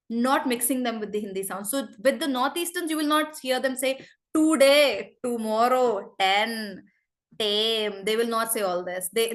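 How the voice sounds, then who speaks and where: A young woman with an Indian accent teaching an online spoken English class, lively, switching into Hindi and calling on students by name. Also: a little high.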